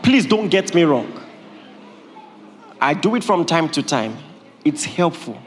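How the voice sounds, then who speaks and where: A pastor, his voice pitched high for a man, delivers a lively, joking sermon and laughs as he goes. He sounds like he is in a hall with a long echo. A faint background hum sits under him. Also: unhurried, some chatter behind. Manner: humorous, animated preaching with laughter.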